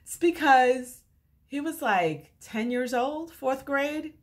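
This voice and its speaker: A middle-aged woman, a relationship advice coach, talking casually to camera as an animated storyteller. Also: takes it slowly. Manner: animated storyteller with lively pitch swings.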